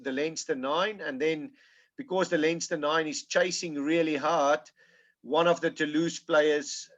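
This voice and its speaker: A man's voice: on the high side, fairly bright tone. South African man, muffled call audio. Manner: halting, with restarts. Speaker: rugby coach. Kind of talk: webinar analysis.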